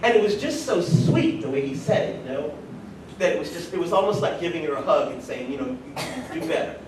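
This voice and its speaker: A man with a fairly high, lively voice tells personal stories at a conference and makes animated asides to the audience. He sounds set back from the microphone in a very echoey hall, with a faint rumble underneath. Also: fairly quick, recorded from a distance. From rural North Carolina. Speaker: conference speaker. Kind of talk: personal storytelling speech.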